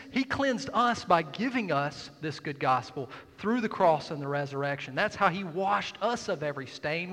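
High-voiced preacher in a reverberant hall. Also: male voice. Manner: swings between hushed asides and loud emphatic calls. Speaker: pastor. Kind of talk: sermon. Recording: long reverb of a large hall.

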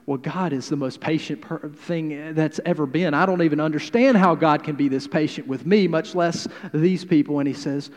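A man in his thirties preaching a sermon in a conversational, humorous way, swinging between loud and quiet. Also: fairly high pitch, moderate pace, hardly any pauses, big-room sound. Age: 30s. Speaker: pastor.

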